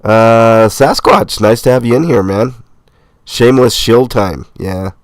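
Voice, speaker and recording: A middle-aged man with a stuffy, nasal voice from a cold, casually reading viewer comments aloud as a livestream host, relaxed and rambling. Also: mid-range voice, measured pace, dry recording. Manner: relaxed, rambling, with fillers and laughs. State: sick, congested nasal voice.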